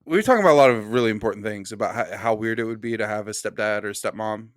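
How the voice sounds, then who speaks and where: A man's voice: fairly low pitch, rapid-fire, dry recording, studio quality. A young man co-hosting a podcast in a casual, rambling, joking chat with lots of swearing. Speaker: podcast co-host.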